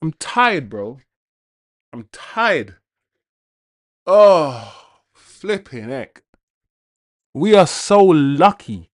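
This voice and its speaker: A man's voice: on the high side, big pitch swings, drawn-out words, long pauses, no echo, studio quality. A young man hosting a football watch-along stream, ranting, swearing and talking to his chat. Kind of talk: live-stream commentary and chat.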